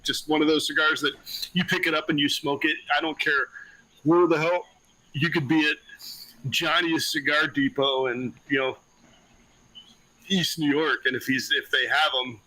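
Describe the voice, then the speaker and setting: Bright-voiced man in easygoing chat. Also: on the high side, steady tone, normal speed, long pauses, dry recording, rough recording. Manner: blunt, easygoing, with mild swearing. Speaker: podcast co-host. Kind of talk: casual chat.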